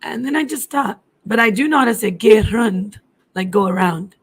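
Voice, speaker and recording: Her voice is a little high, bright and slightly rough, expressive and fairly quick. This middle-aged livestream host keeps things casual and chatty, switching languages as she responds to her viewers' messages.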